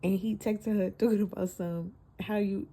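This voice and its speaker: A woman's voice: mid-range voice, fairly even intonation, moderate pace, mellow, breathy edge. A woman giving a casual, candid book review, laughing often and cursing freely while talking into her phone.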